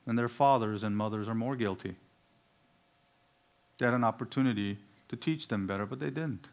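Emphatic preacher, man. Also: moderate pace. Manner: emphatic, swings between loud declarations and low, quiet asides. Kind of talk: sermon.

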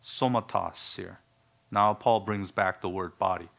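A man's voice: low voice, steady tone, a little slow, creaky, fairly bright tone. A male pastor preaching a sermon in an earnest, emphatic way, with some humorous asides.

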